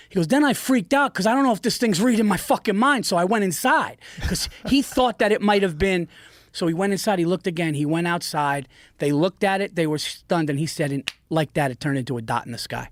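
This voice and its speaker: A man in his forties telling a story in an animated, profane way on a podcast, often slipping into an impression of his father. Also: a little high, dry recording, clean studio sound. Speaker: guest. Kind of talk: casual storytelling. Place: podcast studio. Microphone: studio mic.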